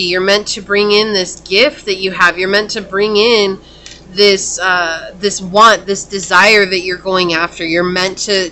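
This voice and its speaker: A woman's voice: medium pitch, pushed and bright, a little hiss or hum. A woman giving a casual pick-a-card tarot reading, talking earnestly and in a rambling way, with lots of "like" and "okay?". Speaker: tarot reader.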